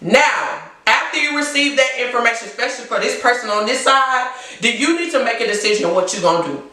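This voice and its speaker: A woman's voice: a little high, lively intonation, fast talker, bright, forceful tone, heavy reverb, recorded from a distance. A woman life coach giving blunt, preachy dating advice in a casual monologue, laughing between points.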